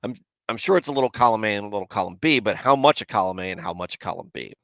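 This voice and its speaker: A man's voice: on the low side, lively intonation, rapid-fire, gravelly, a bit bright, dry recording, clean studio sound. A man in his forties hosting a casual Bible commentary livestream, self-deprecating and candid as he answers his chat. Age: 40s. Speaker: host of a Bible commentary show.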